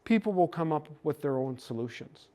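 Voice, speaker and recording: An older Canadian man giving a gentle, folksy storytelling talk to a hockey team. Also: fairly high pitch, animated, normal speed. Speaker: speaker on cultural mindfulness.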